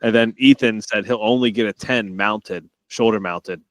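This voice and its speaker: A man's voice: fairly low pitch, moderate pace, no echo. A man hosting a podcast who chats easily, affirms his guest and asks follow-up questions. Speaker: podcast host. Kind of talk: casual interview chat.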